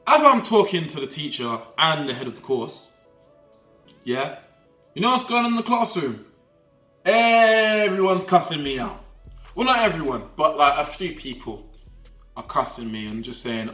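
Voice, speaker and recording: A young man telling a story in an animated, slangy way, often checking that the listener follows him. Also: fairly high pitch, moderate pace, roomy sound, faint music behind. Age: young adult. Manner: animated slangy storytelling, often asking the viewer "do you get what I'm trying to say". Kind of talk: casual storytime vlog.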